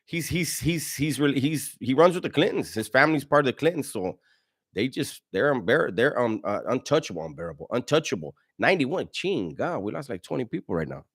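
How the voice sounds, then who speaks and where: A man's voice: mid-range voice, very animated, brisk, slightly rough. A man hosting a casual livestream, reading chat messages in a slangy way, laughing often and stumbling over his words.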